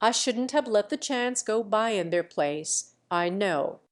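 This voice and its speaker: A woman reading the part of a gentle, naive young man, mild and earnest, in an audiobook. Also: medium pitch, expressive, a little slow, natural voice.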